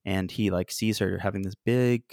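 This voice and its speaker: A man casually discussing an old film with a co-host, animated and acting out the quoted lines. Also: low voice, normal speed, creaky, no room sound, clean studio sound.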